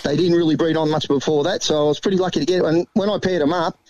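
An Australian man with a quick, joking delivery, chatting about pigeons in casual banter. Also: a little high, fairly even intonation, darkish tone, lo-fi sound, a little hiss or hum. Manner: fast-talking, laughing, does mocking voices in stories. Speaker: pigeon fancier guest.

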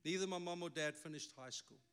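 A man's voice: on the high side, brisk, fairly bright tone, smooth. A middle-aged man with a South African accent, a native Afrikaans speaker, preaching a sermon with emphatic delivery and wry asides. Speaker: pastor.

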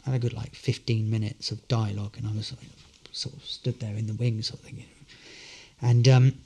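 A man's voice: lowish voice, flat delivery, a little fast, darkish tone, a little hiss or hum. An actor, a man, telling good-humoured, rambling anecdotes as a guest in a casual interview.

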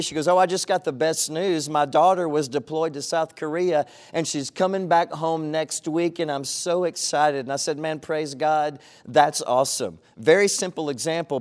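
Middle-aged pastor delivering an earnest sermon, a touch high in pitch. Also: male voice. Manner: earnest, emphatic preaching with repeated phrases.

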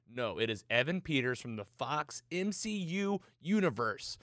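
A man hosting a podcast, retelling a TV episode in casual, excited chat. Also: medium pitch, a little slow, dry recording, studio quality. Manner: excited, animated storytelling. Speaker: podcast host recapping a TV episode.

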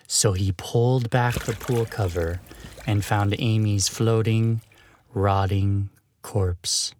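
A man narrating a short horror story with measured delivery and dramatic pauses. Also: on the low side, fairly even intonation, noisy background.

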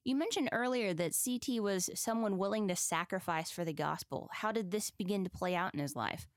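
A woman's voice: mid-range voice, brisk, no room sound, clean studio sound. Woman asking questions on a podcast. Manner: friendly, lightly teasing questions. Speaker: podcast co-host. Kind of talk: conversational interviewing.

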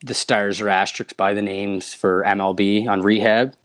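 A young man from Nova Scotia, a baseball umpire, telling lively anecdotes in a casual interview and laughing often. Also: on the low side, moderate pace, no echo. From Nova Scotia, Canada. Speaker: minor league umpire, guest.

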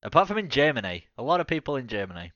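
A man's voice: mid-range voice, big pitch swings, very fast, fairly bright tone, no room sound, dull audio. A man co-hosting a sports podcast, joking and swearing in casual chat. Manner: swearing, joking, laughs often. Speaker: podcast co-host.

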